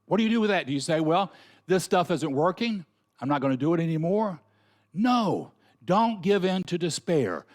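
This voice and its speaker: A middle-aged Southern man preaching in an easy, folksy way, earnest and chatty. His voice sits a little above the usual male pitch, and he talks the way a minister does from the pulpit. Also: sing-song, normal speed, darkish tone. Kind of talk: sermon.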